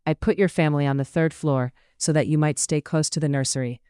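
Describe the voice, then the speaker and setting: An audiobook narrator voicing an elderly Irish housekeeper, motherly and gently scolding, with a light Irish lilt. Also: mid-range voice, steady tone, fast, smooth, no room sound, studio quality, lightly acted. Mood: fond. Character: elderly Irish housekeeper woman, fussing and fond. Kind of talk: audiobook character voice.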